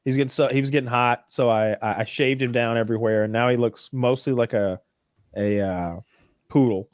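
A man's voice: medium pitch, steady tone, brisk, no room sound, studio quality. A man chatting casually as a co-host, rambling with many restarts and frequent swearing. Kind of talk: casual chat.

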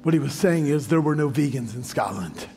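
With a medium-pitched, expressive, brisk voice, an American man preaches as pastor in a large church hall. Storytelling, joking asides, and a build to sung emphasis mark his sermon, heard through long hall reverb and faint music.

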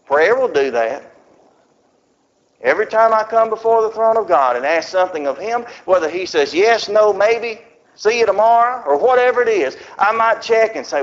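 A man's voice: high voice, expressive, normal speed. A man preaching a sermon, telling a folksy story and acting out its little scenes. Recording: muffled lo-fi recording.

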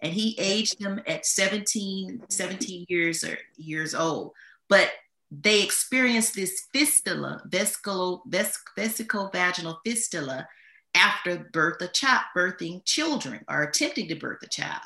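A woman guest on a podcast, explaining history in a measured, deliberate way. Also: fairly low pitch, animated, gravelly, sharp tone, roomy sound. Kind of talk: podcast discussion.

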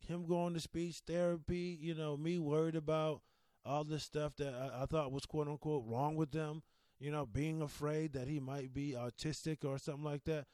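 A man's voice: fairly high pitch, flat delivery, moderate pace, a little mellow, no echo. A man in his thirties hosting a casual solo podcast, talking candidly and emotionally about his son, rambling with restarts and the odd curse into a studio microphone. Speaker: podcast host.

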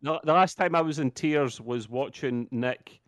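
A man co-hosting a gaming podcast, teasing his friends with quick banter. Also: medium pitch, dry recording. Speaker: podcast co-host. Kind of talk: casual chat.

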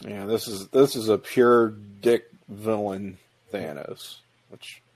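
A man's voice: on the low side, steady tone, takes it slowly, a little mellow. A man co-hosting a movie commentary, giving wry, opinionated takes and restarting his sentences as he goes. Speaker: co-host of a movie watch-along commentary. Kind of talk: casual chat.

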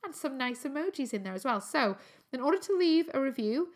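A woman's voice: high voice, big pitch swings, brisk. A young adult woman from England hosting her own health podcast, chatting upbeat and casual with frequent ums. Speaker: podcast host. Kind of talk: solo health podcast chat.

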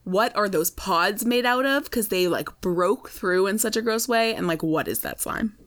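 A woman co-hosting a podcast, talking in a relaxed, agreeable way with lots of "like". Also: mid-range voice, normal speed. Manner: relaxed, agreeable, uses "like" often. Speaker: podcast co-host. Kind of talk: casual chat.

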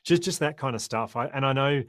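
A man's voice: mid-range voice, fairly quick, fairly bright tone, no echo, studio quality. An Australian man in his forties, a podcast guest talking with passion and frequent restarts. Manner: impassioned, rambling with frequent restarts. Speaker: guest, former cricketer turned sprinter. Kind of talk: podcast conversation.

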